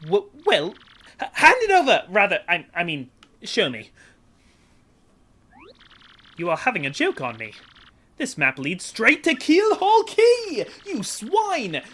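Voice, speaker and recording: A woman's voice: medium pitch, huge pitch swings, slow, pauses often, a bit bright, full character voice. A woman voicing a flamboyant, vain, wealthy male sea trader for a game playthrough, speaking in grand theatrical exclamations. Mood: excited. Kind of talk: voicing game dialogue for a let's play.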